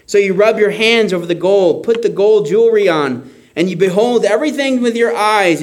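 A man preaching a sermon, expressive, acting out shouts and whispers. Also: high-pitched, moderate pace.

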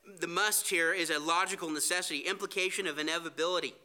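A man's voice: fairly high pitch, steady tone, fast talker, pushed and bright. A man preaching a sermon, earnest, reading scripture aloud. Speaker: pastor.

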